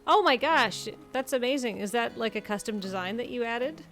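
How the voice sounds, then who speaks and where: Gravelly, gushing woman host. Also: fairly high pitch, lively intonation, moderate pace, fairly bright tone, faint music behind. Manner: enthusiastic, gasps often. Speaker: stream host. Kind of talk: casual chat.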